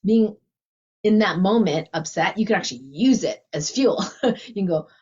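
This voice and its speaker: A woman's voice: medium pitch, lively intonation, normal speed, darkish tone, breathy edge, highs cut off. A woman talking casually and animatedly, often laughing and acting out her inner thoughts. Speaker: guest teacher. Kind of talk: casual conversation.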